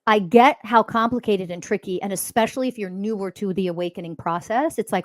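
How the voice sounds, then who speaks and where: A woman's voice: medium pitch, brisk, dry recording. A woman hosting a spiritual podcast, talking in a blunt, profane, mocking monologue. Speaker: podcast host.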